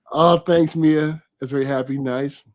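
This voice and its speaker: A man from California hosting a live online interview, chatting warmly and reading out viewer comments as he goes. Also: on the high side, fairly even intonation, takes it slowly. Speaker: host.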